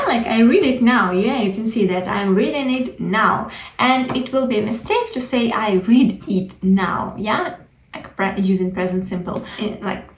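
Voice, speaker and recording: Woman, teacher, highish voice, patient explaining, roomy echo. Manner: explains patiently with frequent "yeah" and "like" tags. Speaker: English teacher. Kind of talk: grammar lesson.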